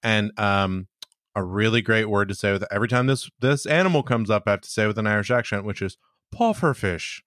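A man co-hosting a podcast in casual chat, talkative and quick to laugh. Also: on the low side, steady tone, fairly bright tone, no room sound, clean studio sound. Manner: chatty, laughs often. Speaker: podcast co-host.

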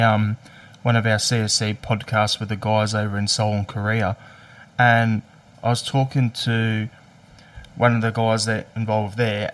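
A man hosting a casual podcast in a relaxed way, steering the conversation between guests. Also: on the low side, far from the mic. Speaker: podcast host. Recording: voice heard from off mic.

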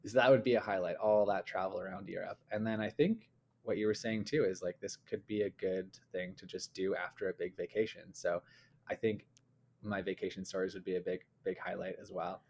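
A young man from Canada talks through his stories in a relaxed, chatty interview, dropping in fillers as he goes. His voice sits on the low side for a man. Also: a little fast, slight background noise. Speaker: guest. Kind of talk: casual conversational interview.

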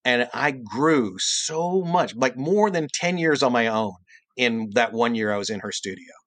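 A middle-aged man tells an anecdote as a podcast guest, with an animated delivery that jumps into high, exaggerated voices for quoted lines. His voice sits in a middle pitch. The sound is dry and close, with no room echo. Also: measured pace. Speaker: guest voice actor and cartoonist. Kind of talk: storytelling anecdote in podcast interview.

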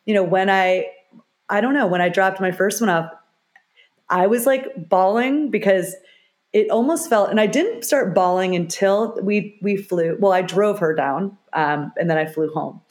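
A woman's voice: medium pitch, unhurried. A middle-aged woman, a guest in an interview, talking openly and emotionally in loose, restarting sentences. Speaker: expert guest. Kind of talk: conversational interview.

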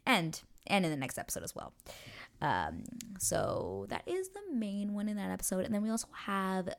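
A young woman hosting a casual recap, excitedly chatting, swearing freely and acting out characters' lines in quick asides. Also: medium pitch, vocal fry. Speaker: podcast host recapping a TV show.

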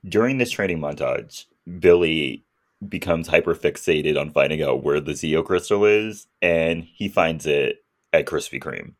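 A man's voice: a bass voice, unhurried. A man co-hosting a podcast, casually recapping a movie's plot and acting out its characters' lines. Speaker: podcast co-host.

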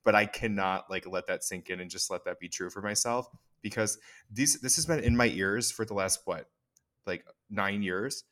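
A man's voice: lowish voice, normal speed, fairly bright tone. A man co-hosting a casual pop culture podcast, emphatic and opinionated, using colorful sayings. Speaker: podcast co-host.

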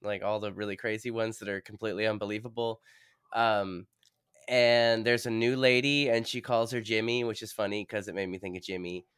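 A man's voice: on the low side, fairly even intonation, fairly quick, fairly bright tone, smooth, dry recording, studio quality. A man co-hosting a podcast, recapping a movie plot in casual, blunt, profane chat. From New England. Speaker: podcast co-host.

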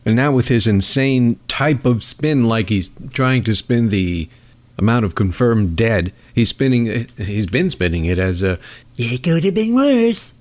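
A man's voice: lowish voice, unhurried. A man hosting a podcast, delivering a sarcastic, mocking comedic political monologue. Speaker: podcast host.

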